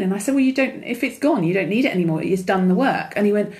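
A woman's voice: medium pitch, expressive, quick pace, darkish tone. Chatty woman telling stories. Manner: chatty storyteller, acts out quoted dialogue. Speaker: podcast co-host. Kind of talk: casual chat.

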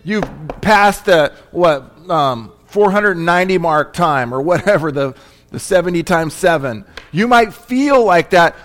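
A man's voice: sits high, a bit bright. A male pastor preaching a conversational sermon, often asking his congregation questions. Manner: chatty, asks the congregation questions.

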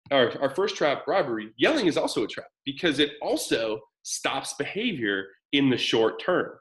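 A man's voice: on the high side, fairly bright tone, poor audio. A man in his thirties presenting a live parenting webinar, talking casually and energetically while answering chat comments.

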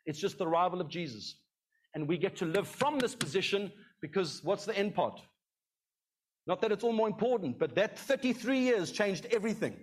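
A man's voice: high voice, lively intonation, a little fast. A middle-aged male pastor giving a conversational sermon, often checking in with the congregation with "okay?".

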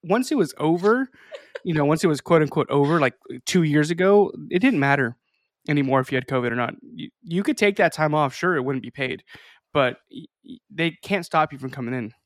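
A man co-hosting a casual podcast, cracking quick jokes and laughing often. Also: on the high side, lively intonation, no room sound, clean studio sound. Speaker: podcast co-host.

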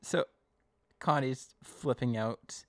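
A man casually recapping an episode as a podcast co-host, chatty and animated. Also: mid-range voice, slow, no echo. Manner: chatty, animated storytelling with acted quotes.

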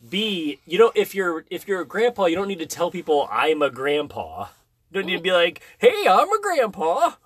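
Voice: mid-range voice, expressive, brisk, slight background noise. An adult hosting a casual podcast with a child, teasing her with dry, amused remarks in a very small room. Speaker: podcast host.

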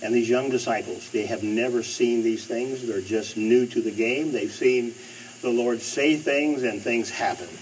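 A man's voice: mid-range voice, unhurried, distant mic, a little hiss or hum, low-quality recording. A male preacher delivering a sermon, emphatic and repeating phrases for stress.

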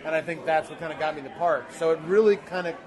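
A man's voice: fairly high pitch, quick pace, a crowd in the background. A man in his thirties, a guest actor telling rambling, self-deprecating stories in a casual interview.

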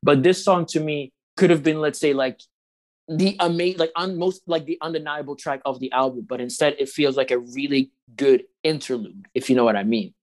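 A man with a mid-range voice talks on a podcast, lively and opinionated. He argues his points casually, with a playful edge. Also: on the high side, moderate pace. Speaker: podcast co-host. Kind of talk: casual chat.

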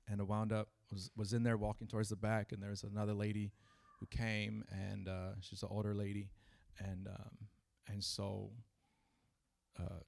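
A man preaching a sermon to a church gathering, talking in a halting way with many fillers, then building to fervent preaching. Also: on the low side, gravelly, darkish tone.

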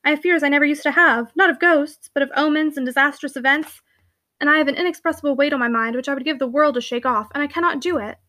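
Melancholy young woman, earnest and troubled, high and quick, read by a woman. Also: sharp tone, dry recording.

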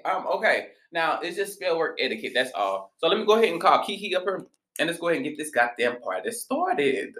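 A man hosting a podcast, telling stories in a blunt, profane and animated way. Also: a little high, a little fast, echoey room. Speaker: podcast host. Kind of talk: casual podcast monologue.

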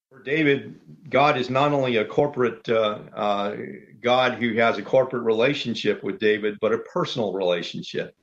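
A man preaching a sermon as pastor, measured and orderly, laying out numbered points. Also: fairly low pitch, muffled recording.

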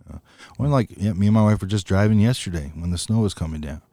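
Deep voiced guy telling a story on a podcast, acts out the quotes, cusses a lot, dry close mic. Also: fast, no echo. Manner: animated storytelling, acts out quotes, swears freely. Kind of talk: casual chat.

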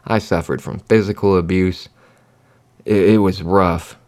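A podcast host with a very deep, low voice rambles loosely through his own story in what feels like a candid solo monologue. He's blunt and swears constantly.

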